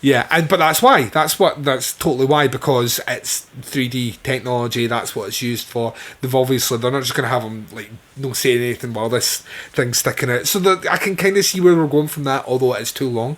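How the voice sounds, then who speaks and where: A man's voice: mid-range voice, brisk, few pauses, a bit bright. A man co-hosting a podcast, chatting casually and enthusiastically about a horror film, swearing freely. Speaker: podcast co-host. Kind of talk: casual film review chat.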